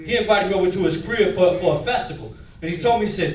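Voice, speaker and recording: Animated man doing stand-up in a roomy club. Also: sits high, quick pace. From northern United States. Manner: animated, switching voices, crowd work. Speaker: stand-up comedian. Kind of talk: stand-up comedy set. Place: comedy nightclub. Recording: roomy club from far, crowd.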